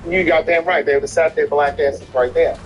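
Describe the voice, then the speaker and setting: A man's voice: a little high, fairly even intonation, brisk, highs cut off, soft background music. A man co-hosting a gaming stream in casual chat, opinionated and emphatic, often repeating himself as he makes his point. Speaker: streamer co-host.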